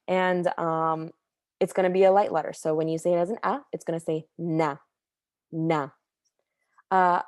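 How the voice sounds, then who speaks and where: A young woman giving a casual tutorial on letter sounds, relaxed and chatty, often pausing to correct herself. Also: fairly low pitch, no echo, studio quality. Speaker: Quran recitation teacher.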